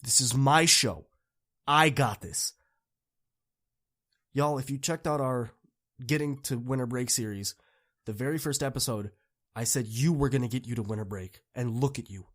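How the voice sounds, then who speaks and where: A young man hosting a podcast, giving an earnest, encouraging motivational talk to students that swings from soft to impassioned. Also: medium pitch, fairly quick. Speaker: podcast host.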